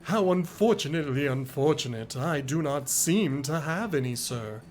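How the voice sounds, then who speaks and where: A man's voice: on the high side, animated, moderate pace, faint music behind, lightly acted. A man voicing a pompous, bumbling male soldier sidekick, wordy and fussy.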